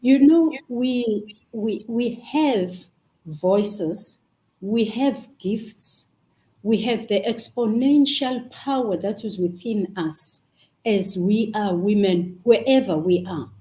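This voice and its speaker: Xhosa-accented woman, slow, emphatic, mellow high voice, echoey room on a video call. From South Africa. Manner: emphatic, preacher-like, rising bursts. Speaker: host. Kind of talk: inspirational speech on a video call.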